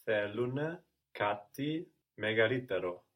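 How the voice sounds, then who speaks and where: A man's voice: on the low side, animated, muffled recording. A man working as a language student, answering drill questions carefully and sometimes correcting himself partway through. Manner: slow, careful answers with occasional self-corrections.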